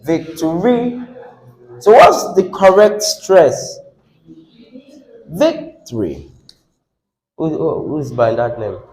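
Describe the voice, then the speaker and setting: Lively, slow-talking man teaching a class. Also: on the high side, rough recording. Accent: Nigerian English. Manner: coaxing, repeats words and asks the class questions. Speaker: English teacher. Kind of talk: classroom lesson on word stress.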